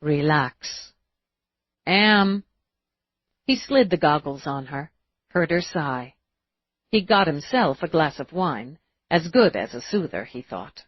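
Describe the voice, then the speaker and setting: A woman reading an audiobook in a steady, measured way, in a dull, dry recording. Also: sits low, slightly rough, no room sound. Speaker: audiobook narrator. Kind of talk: audiobook narration.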